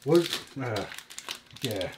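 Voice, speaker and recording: Man, mid pitch, animated, profane wisecracks, noisy background. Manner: wisecracking, profane, quick jokes. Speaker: podcast co-host. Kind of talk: casual crude banter. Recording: audible background noise, crinkling packs. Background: crinkling card wrappers.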